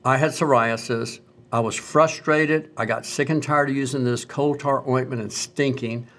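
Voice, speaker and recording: A middle-aged man talks as a physician host in a relaxed health conversation. He tells his stories at length and turns lively when he quotes other people. His voice sits at an ordinary pitch for a man. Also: moderate pace. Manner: storytelling, animated when quoting others.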